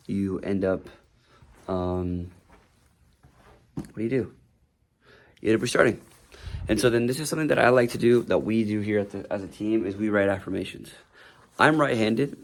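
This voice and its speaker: A man's voice: fairly low pitch, darkish tone. Rambling man giving an office tour. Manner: rambling, loose with many fillers. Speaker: real estate agent. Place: office indoors.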